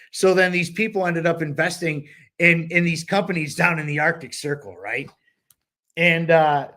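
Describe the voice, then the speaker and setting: This casual podcast discussion features a book club co-host whose male voice is a little high and a bit bright. His talk is loose and rambling, with plenty of fillers and restarts.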